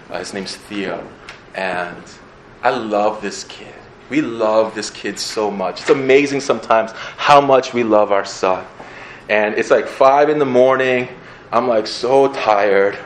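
A man's voice: lowish voice, a little slow, slight background noise, rough recording. Playful young man preaching. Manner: conversational and playful, acting out little scenes. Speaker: pastor. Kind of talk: casual sermon.

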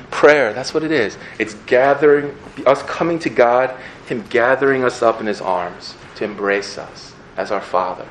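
A man's voice: fairly low pitch, normal speed, slight background noise, poor audio. A young man giving a casual, conversational sermon as a pastor, playfully acting out little scenes.

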